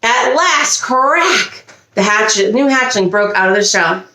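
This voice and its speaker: A woman reading a children's storybook aloud with expressive delivery and small slips. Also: on the high side, a little slow, roomy sound. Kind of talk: reading a picture book aloud. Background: a child nearby.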